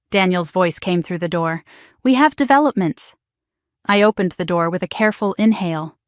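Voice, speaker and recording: A woman's voice: on the low side, no echo. Woman narrating a story, dry close sound. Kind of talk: scripted first-person story narration.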